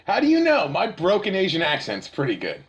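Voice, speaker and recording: A man's voice: sits high, huge pitch swings, a little fast, noisy background. A young man co-hosting a podcast, joking and defending himself in casual banter. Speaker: podcast co-host.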